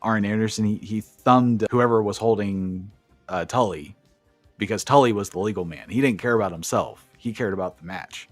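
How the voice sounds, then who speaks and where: A podcast co-host with a lowish voice recaps wrestling matches at a moderate pace, giving casual, profane, enthusiastic play-by-play. The recording is dry, with soft music in the background.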